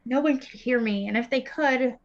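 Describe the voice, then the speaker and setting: A woman's voice: fairly high pitch, normal speed, dull audio. A woman spiritual coach giving an earnest, intense, confessional teaching monologue, blunt and unafraid to swear.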